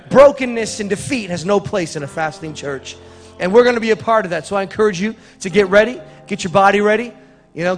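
High-voiced guy rambling thru church announcements, jokey, big echoey hall, soft music behind. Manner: chatty, rambling, joking asides. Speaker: church staff giving announcements. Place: church sanctuary.

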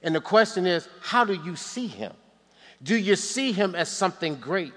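A man's voice: sits high, expressive, moderate pace, fairly bright tone. A man preaching a sermon from the pulpit, calling for responses from the congregation and slipping in joking asides. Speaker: pastor. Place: church sanctuary. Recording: long church hall reverb.

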